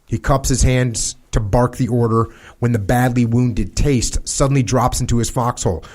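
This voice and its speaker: A man hosting a podcast, reading a wartime account aloud in a measured, grave way, with small slips and restarts. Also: medium pitch, fairly even intonation, a little mellow. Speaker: podcast host.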